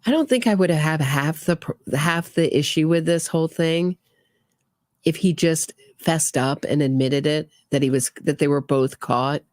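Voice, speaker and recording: A woman's voice: sits low, normal speed, darkish tone, no echo, clean studio sound. A woman hosting a true crime commentary, talking casually and sarcastically with frequent restarts. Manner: opinionated, sarcastic, trailing restarts.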